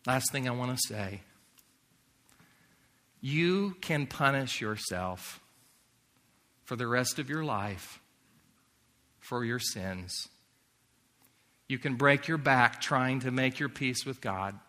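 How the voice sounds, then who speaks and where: Earnest guy preaching, bright forceful voice, long echo off a big hall. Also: mid-range voice, expressive, slow pace, pauses often. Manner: earnest, drops to a hushed near-whisper for quotes. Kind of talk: sermon. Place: large hall or chapel.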